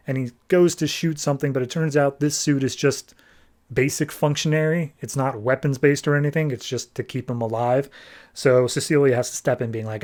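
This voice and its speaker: A man's voice: medium pitch, moderate pace, darkish tone. A young man hosting a podcast, recapping a comic book in a loose, chatty way and acting out characters' lines. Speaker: podcast host.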